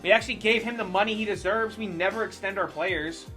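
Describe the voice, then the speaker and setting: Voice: medium pitch, fast talker, faint music behind. A streamer ranting casually and profanely about football while playing a baseball management game. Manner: animated, profane sports ranting.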